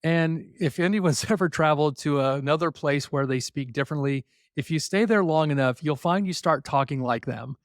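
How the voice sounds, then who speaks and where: A man's voice: fairly high pitch, normal speed, hardly any pauses, no room sound, clean studio sound. A middle-aged man, a podcast guest, telling personal stories reflectively with hesitant fillers. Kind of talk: conversational interview.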